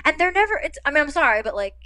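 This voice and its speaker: Bright-voiced woman, animated storyteller. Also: rapid-fire. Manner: animated storytelling, acts out quotes with big pitch jumps. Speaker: actor guest. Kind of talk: casual interview chat.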